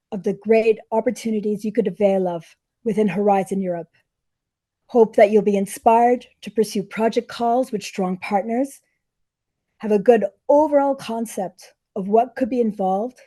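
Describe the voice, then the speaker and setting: A middle-aged woman with a hoarse, scratchy voice from losing it, hosting an online webinar in an upbeat, businesslike way. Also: mid-range voice, warm tone. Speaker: webinar host, diplomat. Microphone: microphone.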